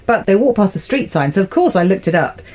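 A woman's voice: mid-range voice, sing-song, fast talker, darkish tone. A woman co-hosting a podcast, recapping a television episode in casual chat, amused and laughing often. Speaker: podcast co-host.

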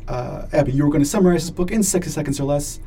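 A man's voice: fairly high pitch, very fast, dark tone, slightly rough. A man hosting a podcast in casual chat, upbeat and leading the conversation. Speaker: podcast host.

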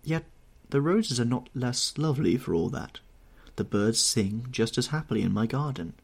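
A man voicing an impassioned, self-absorbed young English gentleman in an audiobook reading, with a husky tone and heightened emotional delivery. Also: medium pitch, animated, normal speed. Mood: dreamy.

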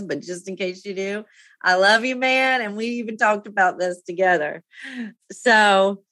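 A woman's voice: medium pitch, fairly bright tone, no room sound. Candid, rambling woman in her fifties. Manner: rambling and heartfelt, laughs often, trails off and restarts. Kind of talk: candid personal monologue.

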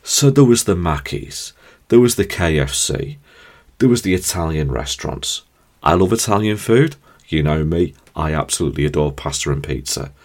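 Podcast guy, super deep voice, rambly self-deprecating storytelling. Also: moderate pace. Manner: chatty, rambling, self-deprecating, with animated jumps in pitch and volume. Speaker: podcast host. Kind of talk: casual storytelling monologue.

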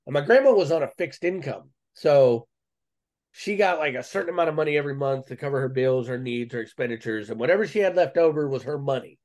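A man's voice: medium pitch, animated, quick pace, darkish tone. A man, a guest on a podcast interview, telling a personal story in a casual, earnest and slangy way with frequent restarts.

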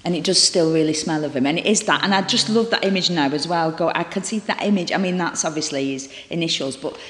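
A woman actor talking candidly as an interview guest, chatty and halting, with lots of restarts and acted-out dialogue. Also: sits low, a bit bright. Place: library reading room. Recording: roomy echo with long reverb.

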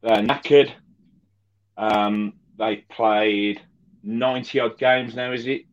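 A man speaks very slowly on a video call, measured and pausing on "um" as he thinks. His sound is a bit dull and lo-fi. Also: fairly low pitch, fairly even intonation. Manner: slow and measured, with many "um" pauses. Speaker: fan guest. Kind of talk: casual chat.

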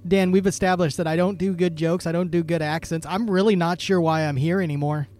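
A man's voice: on the high side, steady tone, a little fast, a little mellow, faint music behind. A man co-hosting a podcast, self-deprecating and a bit hesitant, with lots of ums. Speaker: podcast co-host. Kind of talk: casual chat.

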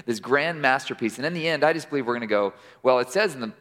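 A man's voice: medium pitch, animated, fast, a bit bright. Man preaching in a reverberant hall. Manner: casual, rambling, frequent restarts. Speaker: conference speaker. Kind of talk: sermon with a joke.

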